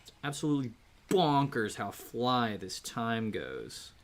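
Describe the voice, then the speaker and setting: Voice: medium pitch, very animated, measured pace. A streamer chatting casually while drawing, playful and rambling, often breaking into song. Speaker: streamer and artist. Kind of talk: casual live-stream chat with singing. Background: rain and piano ambience.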